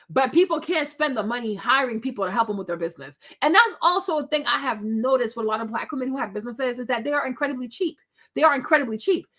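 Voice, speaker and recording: A woman giving a blunt, sassy opinion rant, punctuating her points with emphatic repeated "okay?" and sometimes mimicking others in a squeaky voice. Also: pushed and bright. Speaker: commentary vlogger.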